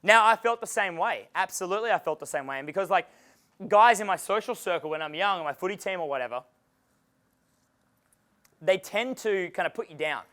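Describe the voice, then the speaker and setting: A man with an Australian accent giving a live dating-coach seminar in a room with an audience, animated and swearing freely as he acts out dialogues. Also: high voice, brisk, pauses often.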